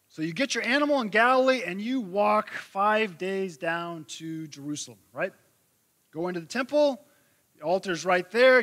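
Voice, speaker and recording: Bright, high-voiced man preaching. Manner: conversational preaching with vivid illustrations and rhetorical questions. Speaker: pastor. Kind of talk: sermon.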